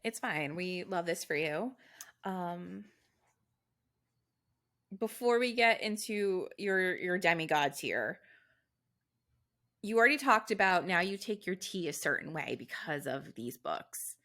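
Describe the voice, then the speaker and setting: A young woman co-hosts a podcast in casual chat, teasing and dry as she asks questions. Her voice is bright and lively, moving up and down a lot while staying fairly low. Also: takes it slowly, pauses often. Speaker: podcast co-host.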